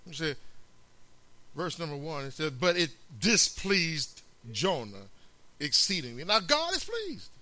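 A man preaching a sermon, animated, calling out amen and acting out the scripture's lines. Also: on the high side, a little slow, dry recording. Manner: animated, calls amen, acts out quotes.

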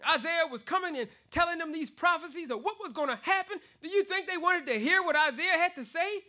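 A man preaching, his voice sitting very high and ringing sharp and bright. He keeps it animated, breaking into laughter between phrases and hammering words through repetition. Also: fairly quick. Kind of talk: sermon.

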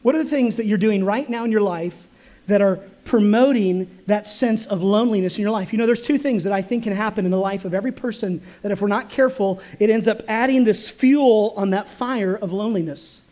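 A high-voiced pastor preaches at a fairly quick clip, drawing responses from the congregation and swinging from loud to hushed.

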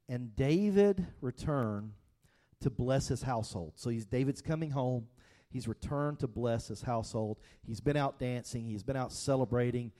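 A man's voice: mid-range voice, dark tone. A male pastor giving a casual, conversational sermon, speaking straight to his congregation. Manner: conversational, with frequent fillers and restarts, addresses congregation directly.

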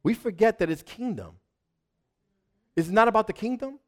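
A man preaching a sermon as pastor, animated, acting out little voices in his examples, with frequent restarts. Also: high voice, moderate pace.

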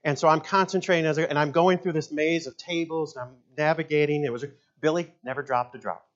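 A man's voice: a little high, steady tone, quick pace, dull audio. A man in his fifties, a pastor, preaching a sermon with folksy stories, jokes and asides. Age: 50s.

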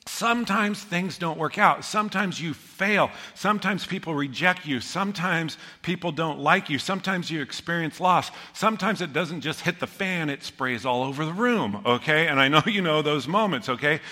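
A man in his fifties preaching a sermon, telling stories from his own life with animated, self-mocking humor. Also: fairly high pitch, moderate pace, few pauses. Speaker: pastor. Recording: long reverb of a large hall.

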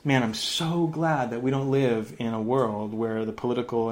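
A man in his thirties, a pastor giving a lively sermon, laughing often and dropping into sarcasm. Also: mid-range voice, moderate pace.

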